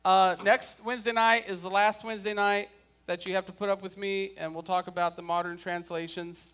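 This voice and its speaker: A man's voice: high-pitched, flat delivery, a little fast, a bit bright, smooth. Chatty male Bible class teacher. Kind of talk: casual church class teaching. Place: church classroom.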